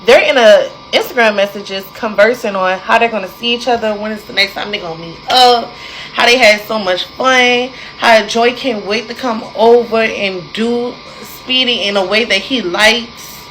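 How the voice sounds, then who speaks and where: A young adult woman telling a personal story in a casual, animated way, speaking straight to her listeners. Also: fairly high pitch, slight background noise, rough recording. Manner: animated, addresses listeners directly, dramatic pauses.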